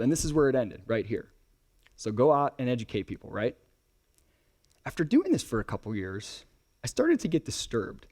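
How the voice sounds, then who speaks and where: A man in his thirties speaks to a live audience at a conference, with a pitch of middle height for a man. His delivery is conversational and lively. He swings up and down in pitch and keeps checking in with the crowd. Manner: conversational, animated, keeps asking "right?". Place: conference presentation before a young audience.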